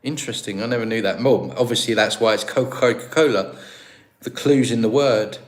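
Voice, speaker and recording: A man's voice: mid-range voice, normal speed. Chatty English man hosting a livestream. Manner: rambling, chatty, with frequent restarts and laughs. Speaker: livestream host. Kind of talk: casual livestream chat reading viewer comments.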